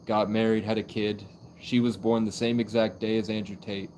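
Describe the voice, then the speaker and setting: A man's voice: fairly low pitch, flat delivery, normal speed, a little mellow, a little hiss or hum. A young man livestreaming and talking in a loose, rambling way, full of "like" fillers. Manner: rambling, heavy use of "like" fillers. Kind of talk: casual live stream monologue.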